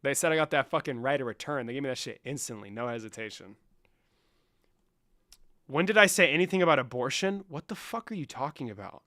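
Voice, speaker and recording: A man's voice: mid-range voice, lively intonation, a little fast, pushed and bright, dry recording, clean studio sound. A young man from Mexico streaming from his room, talking casually to his chat, swearing, mocking and breaking into laughter. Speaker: livestreamer.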